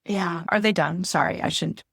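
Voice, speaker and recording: Woman co-host, lowish voice, dry close sound, candid heartfelt chat, emotional and searching. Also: moderate pace, vocal fry, fairly bright tone, breathy edge, no echo. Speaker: podcast co-host.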